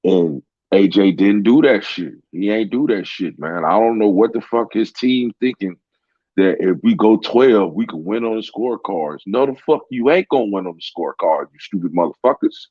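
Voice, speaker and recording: Deep-voiced man ranting with slang. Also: expressive, moderate pace, no echo. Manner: profane, heated, slangy. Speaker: sports commentator. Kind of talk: casual rant. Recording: dull lo-fi sound.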